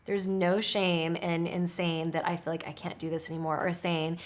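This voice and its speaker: A woman's voice: on the low side, flat delivery, normal speed. A woman talking casually and reassuringly about labor, often saying "like" as she coaches expectant mothers. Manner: encouraging, reassuring, says "like" a lot. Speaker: childbirth educator. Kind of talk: casual advice chat.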